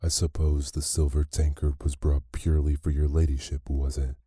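A man's voice: a bass voice, fairly even intonation, a little slow, dark tone, husky, dry recording, clean studio sound, heavily acted. A man voicing a proud, rude spoiled young woman in a storybook reading, haughty and sneering.

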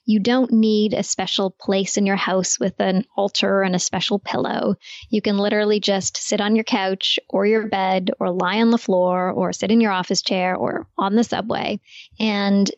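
A woman guest explaining in an interview, clear and steady, often saying "you know". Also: medium pitch, no room sound, dull audio. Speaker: guest expert on meditation.

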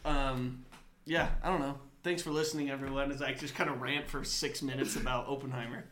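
A man's voice: mid-range voice, steady tone, brisk, fairly bright tone, slight background noise. A young man co-hosting a casual sports podcast, rambling with lots of fillers and restarts. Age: young adult. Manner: rambling, many likes and restarts. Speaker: podcast co-host. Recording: echoey room.

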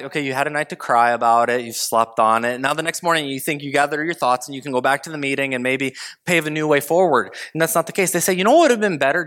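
A man's voice: fairly high pitch, pushed and bright. A man preaching a casual sermon, talking conversationally and acting out quoted people with big swings in voice. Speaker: pastor.

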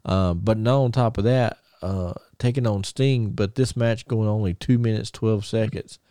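Brief: man, podcast host, warm low voice, rambling excited storyteller. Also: normal speed, dry recording, studio quality. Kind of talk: casual chat.

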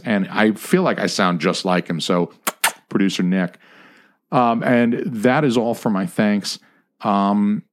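Brief: man, podcast co-host, somewhat low voice, swears freely and jokes around. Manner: profane, joking, rambling. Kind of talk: casual podcast chat.

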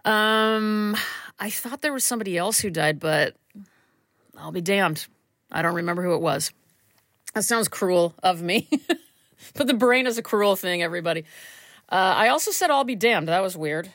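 A woman's voice: medium pitch, fairly bright tone, no room sound, studio quality. A woman hosting a casual solo podcast from a small room at home, rambling and self-deprecating, a little stuffy from allergies. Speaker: podcast host.

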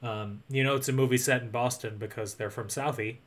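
A man co-hosting a podcast, recapping a movie in casual chat with wry, deadpan asides. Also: mid-range voice, brisk. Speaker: podcast co-host.

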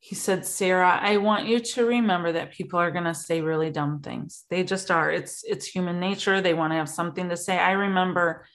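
A woman's voice: lowish voice, fairly quick, few pauses. A woman in her thirties, a guest and widowed mother, telling her story earnestly in an interview. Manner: earnest, animated when recounting.

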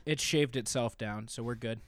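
A man in his twenties hosting a podcast, telling funny stories in a casual, animated way with frequent laughs. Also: medium pitch, moderate pace, no echo. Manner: animated storyteller, laughs often. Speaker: podcast host. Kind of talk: casual chat.

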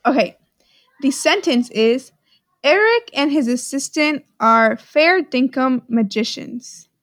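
A woman's voice: high-pitched, animated, slow pace, fairly bright tone, no room sound, clean studio sound. A woman co-hosting a podcast, chatting casually and playfully, often joking and then saying she is kidding. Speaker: podcast co-host. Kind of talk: casual chat, slang guessing game.

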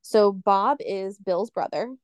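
A woman's voice: mid-range voice, no room sound, studio quality. A woman co-hosting a podcast, casually retelling a ghost story with rambling asides. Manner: rambling, loses her train of thought, quick asides. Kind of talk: casual chat, telling a scary story.

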